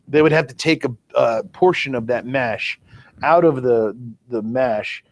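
A man's voice: medium pitch, unhurried. A man co-hosting a casual podcast, explaining things with everyday comparisons and a loose, self-deprecating manner. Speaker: podcast co-host. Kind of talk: casual chat.

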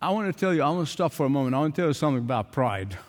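A man's voice: on the high side, very animated, rapid-fire. An older man preaching a sermon, emphatic, repeating phrases for stress. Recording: long hall reverb.

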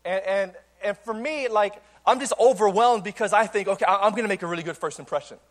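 Young pastor guy preaching to a church crowd, fairly high voice, playful and energetic, trips over his words and restarts a lot. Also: fast talker. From Cuban. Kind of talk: sermon with personal story. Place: church auditorium before a congregation.

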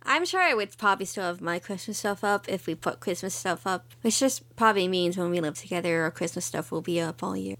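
A woman's voice: lowish voice, lively intonation, fairly quick, creaky, hardly any pauses, a bit bright. A young woman co-hosting a podcast, chatting in an easygoing way and retelling anime scenes. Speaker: podcast co-host. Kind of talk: casual anime recap chat.

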